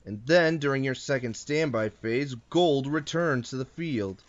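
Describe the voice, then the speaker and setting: A man's voice: medium pitch, unhurried, lo-fi sound. A man casually narrating his moves in an online card game, teasing his opponent and correcting himself as he goes. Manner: explains each move, playful taunts, frequent self-corrections. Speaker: host and card game player.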